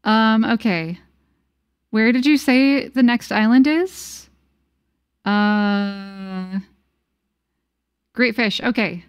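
A woman streamer chatting casually with her viewers during a gameplay livestream, bubbly and quick to giggle. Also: fairly high pitch, smooth, dry recording, studio quality. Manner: bubbly, giggly, talks to chat.

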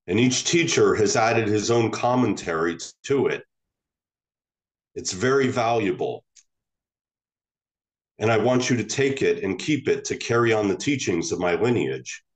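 A man voicing an old, ailing male Zen master who speaks earnestly and pleads with halting restarts in a retold teaching story. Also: fairly low pitch, animated.

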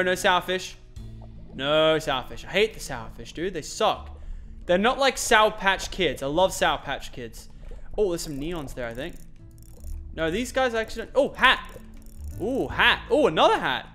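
A young man with an Australian accent giving excitable let's-play commentary, shouting and groaning at the game and talking to himself. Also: high-pitched, moderate pace, faint music behind. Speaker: gaming channel host.

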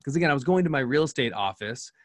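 Talking fast with lively intonation, a middle-aged speaker and coach shares an earnest story as an interview guest on a podcast. His voice is medium-pitched, the audio has no echo, and he restarts often.

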